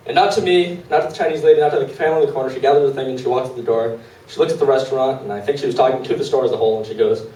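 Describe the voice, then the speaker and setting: A man's voice: a little high, rapid-fire, mellow. Young man, twenty, open mic storyteller, rambling, fillers, echoey room, distant mic. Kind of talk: live comic storytelling. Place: small live venue.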